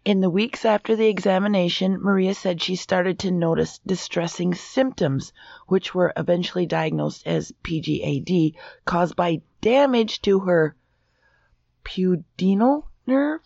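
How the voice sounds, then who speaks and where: A woman's voice: on the low side, measured pace, creaky, a little mellow, no echo, lo-fi sound. Giggly woman reading a story aloud. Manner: reads the story aloud, laughing often. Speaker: co-host reading a news story. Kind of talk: comedic podcast banter.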